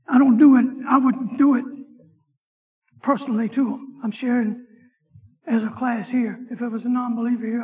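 A man, a deacon, teaching a Sunday Bible class in church, with an animated, folksy delivery and dramatic scripture reading. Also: very high-pitched, slightly rough, long reverb tail.

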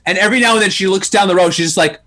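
A man hosting a podcast, telling stories in an animated, laughing way with lots of restarts. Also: high-pitched, rapid-fire. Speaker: podcast host. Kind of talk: casual storytelling chat.

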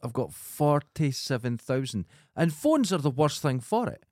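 A Scottish man with a Dundee accent, co-hosting a casual comedy podcast with easygoing chat and quick quips. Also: mid-range voice, very animated, darkish tone, dry recording, studio quality. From Scotland. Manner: easygoing, chipping in with short quips. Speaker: podcast co-host.

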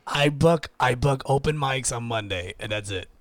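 A man's voice: medium pitch, moderate pace, no echo. A man, a stand-up comedian, chatting on a podcast, defensive and self-mocking. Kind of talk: casual podcast banter.

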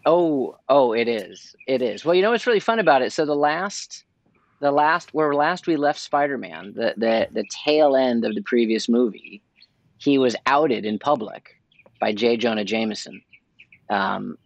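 Excitable man co-hosting a podcast. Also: medium pitch, unhurried, no room sound, muffled recording. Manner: excited, rambling with restarts. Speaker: podcast co-host. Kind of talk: casual chat.

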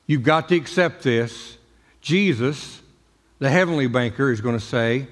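A man's voice: a little high, animated, normal speed, in a large hall. A man preaching a sermon as pastor, talking in a folksy, emphatic way with jokes. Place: church sanctuary.

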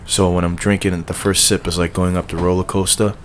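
A man's voice: low voice, level tone, fast, noisy background. A man chatting playfully in a casual conversation. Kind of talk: casual chat.

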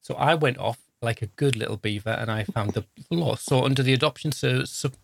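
A man in his fifties, a social worker, co-hosts a podcast in a brisk, creaky, mid-range voice with slight background noise. His casual chat is jokey, rambling, and self-deprecating.

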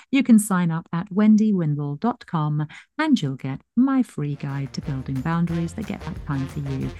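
A woman's voice: low voice, dry recording. Gushing, chatty woman podcast host. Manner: warm, gushing, chatty, self-deprecating. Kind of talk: casual chat and show outro.

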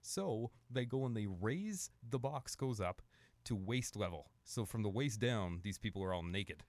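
A middle-aged Canadian man co-hosting a casual chat, telling stories with lively acted-out quotes. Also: fairly low pitch, a little slow, dry recording. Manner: animated storyteller, acts out quotes. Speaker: podcast co-host.

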